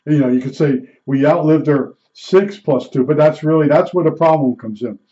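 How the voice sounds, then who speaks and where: A man's voice: fairly high pitch, moderate pace, dark tone, muffled recording. A man in his seventies talking through his stories in a rambling, self-correcting way. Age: 70s. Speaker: retiree telling stories. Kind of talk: rambling personal monologue.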